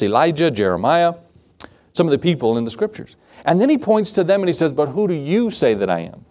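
A male pastor delivers a sermon in a slightly high voice, speaking with animation and frequently putting rhetorical questions to his congregation.

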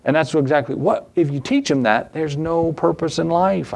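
A man delivers an evening church sermon as the preacher. He fires off rhetorical questions that climb in pitch and repeats key phrases to press his point home. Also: animated, a little fast, vocal fry, few pauses, a little mellow.

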